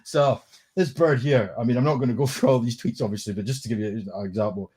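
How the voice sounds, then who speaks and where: Husky Scottish man ranting. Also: medium pitch, fast, darkish tone. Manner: scornful, laughs often, swears a lot. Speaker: livestream commentator. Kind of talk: sweary casual rant.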